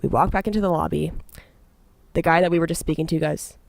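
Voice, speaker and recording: A young woman comedian telling a story in casual chat, animated and self-mocking, full of "like" fillers. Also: low voice, fast talker, gravelly, no echo. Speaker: comedian guest.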